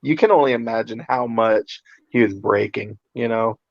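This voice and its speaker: A man's voice: mid-range voice, no echo. Easygoing man, slightly dull dry recording. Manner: relaxed, drawn-out, agreeable with frequent "yeah". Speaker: podcast co-host. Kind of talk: casual chat.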